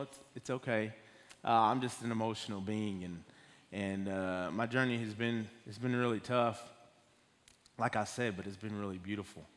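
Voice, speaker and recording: A man giving his first personal testimony sermon in a church, talking in a halting, nervous way with many fillers and restarts. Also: on the low side. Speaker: guest speaker giving a testimony. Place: church sanctuary. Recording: long hall reverb.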